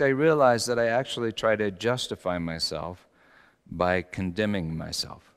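A man preaching a sermon as pastor, confessional and swinging from quiet reflection into animated, rising intensity. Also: deep voice. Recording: long hall reverb.

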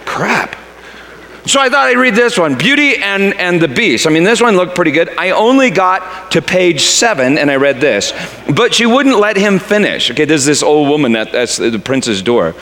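A man's voice: a little high, sing-song, moderate pace, fairly bright tone. A man giving a storytelling sermon, reading aloud dramatically, often stumbling and repeating words. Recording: long reverb of a large hall.

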